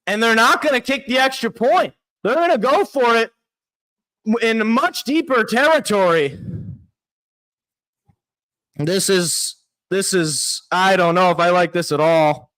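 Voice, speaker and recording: A young man hosting a sports show, calling a live game play by play as a fan and reacting loudly, often shouting in disbelief. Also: high-pitched, unhurried, long pauses. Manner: excitable, shouting and anguished at big plays. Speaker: sports podcast host.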